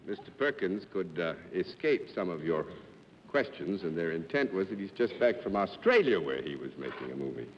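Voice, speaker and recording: A low-voiced man hosts a live panel show with a courteous, formal manner and a lively, rising and falling delivery. The sound is a lo-fi 1950s broadcast with long hall reverb and faint hiss. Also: normal speed. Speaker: game show host.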